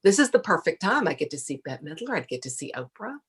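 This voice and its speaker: A middle-aged woman, a podcast guest, telling a lively story, laughing often and acting out what people said. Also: deep voice, quick pace, slightly rough. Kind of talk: casual storytelling interview.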